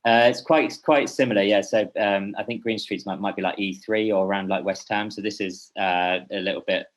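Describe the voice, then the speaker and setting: This poor-quality clip features a boxing journalist guesting on a podcast, speaking fairly quickly in a fairly low, fairly even voice. His casual talk wanders and stalls as he repeatedly corrects himself.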